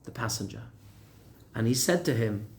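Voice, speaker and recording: A male rabbi telling a story in a lunchtime Torah class, animated and conversational. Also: mid-range voice, normal speed, gravelly. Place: lecture room in Gibraltar.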